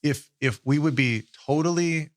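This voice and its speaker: A man co-hosting a podcast, explaining how memory works in a relaxed, halting way with fillers. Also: a little high, dry recording, clean studio sound. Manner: explanatory, with many fillers and restarts. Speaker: podcast co-host. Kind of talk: casual podcast chat.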